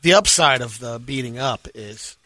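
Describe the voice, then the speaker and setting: Laid-back male co-host, bright voice. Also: mid-range voice, expressive, normal speed, dry recording. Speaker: podcast co-host. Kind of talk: casual banter.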